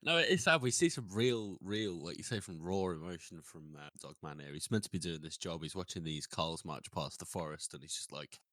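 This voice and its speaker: A man's voice: sits low, fairly quick, hardly any pauses, dry recording. A man co-hosting a podcast, chatting casually about a book and laughing often. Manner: laughs often, lively and expressive. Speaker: podcast co-host and editor. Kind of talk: casual chat.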